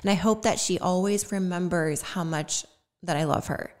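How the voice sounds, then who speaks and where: A woman's voice: on the low side, normal speed. A young woman hosting a podcast, talking heartfelt and personal about her hopes, at times fighting back tears and laughing through them. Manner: heartfelt, tearful at moments, laughing through emotion. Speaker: podcast host. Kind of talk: personal reflective monologue.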